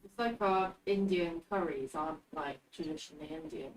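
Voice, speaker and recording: A woman chatting casually on a livestream, chiming in with quick asides from off camera. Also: low-pitched, poor audio. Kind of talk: casual chat.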